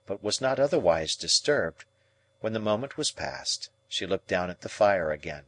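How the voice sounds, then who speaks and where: A man narrating a classic novel as an audiobook, reading in an unhurried, expressive way. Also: lowish voice, dry recording. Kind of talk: scripted narration.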